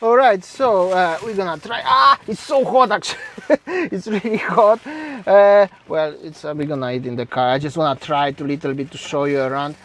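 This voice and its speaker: Excitable man vlogging at a street stall. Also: fairly high pitch, fairly quick, hardly any pauses. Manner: excitable, laughs often, loose non-native English. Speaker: travel food vlogger. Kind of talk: casual vlog commentary. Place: outdoors at a street food stall. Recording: outdoor street noise behind.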